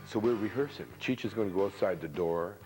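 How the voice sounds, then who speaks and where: A man with a very deep voice recounts old stories in a casual interview, laid-back and deadpan. His voice carries a long reverb tail. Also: fairly quick, music in the background. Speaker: interviewee, comedian.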